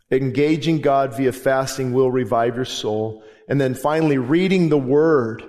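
A man's voice: mid-range voice, a little slow, hardly any pauses, a little mellow. A man preaching a sermon as pastor in a church, fervent and emphatic, hammering home repeated phrases. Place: church sanctuary. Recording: long reverb of a large hall.

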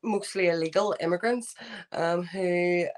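A middle-aged woman with a Belfast accent, speaking earnestly as an interview guest, often pausing with "um" and restarting her sentences. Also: fairly low pitch. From Northern Ireland. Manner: earnest, hesitant, many ums and restarts. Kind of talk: remote interview.

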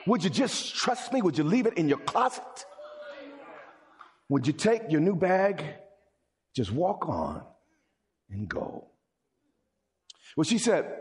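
A man preaching a sermon, playful and animated, acting out quotes and joking with the congregation. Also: sits high, a little slow, long pauses, a faint crowd.

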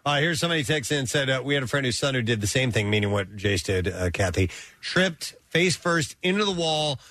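A man's voice: medium pitch, expressive, fairly quick, sharp tone, no room sound, clean studio sound. A man hosting a morning radio call-in show, taking callers and reacting with short interjections.

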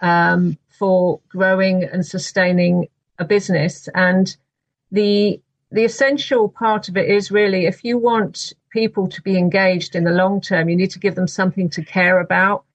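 A woman, an author, answering interview questions in a measured, thoughtful way. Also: medium pitch, flat delivery, no echo, highs cut off. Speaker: author guest.

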